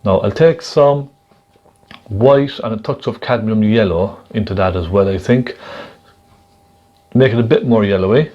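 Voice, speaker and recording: A man gently demonstrating a painting technique step by step, chatting and checking in with the viewer as he works. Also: lowish voice, measured pace, long pauses, dull audio. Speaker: painting instructor.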